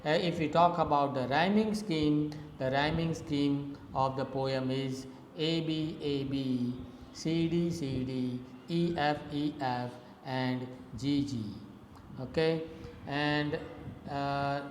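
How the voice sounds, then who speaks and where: A man with an Indian English accent explaining a sonnet to students in a slow, deliberate way, full of "okay" and "you know.". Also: on the high side. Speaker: literature lecturer. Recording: echoey room with long reverb and faint hiss.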